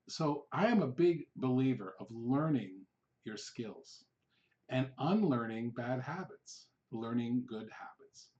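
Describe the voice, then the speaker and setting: A middle-aged man giving a sales training talk, telling stories with animated delivery and acting out his past outbursts. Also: mid-range voice, highs cut off. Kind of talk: training video monologue.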